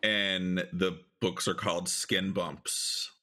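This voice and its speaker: A man's voice: deep voice, fairly even intonation, slow pace, pushed and bright. A man co-hosting a casual chat, playful and jokey, building absurd story twists. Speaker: podcast co-host.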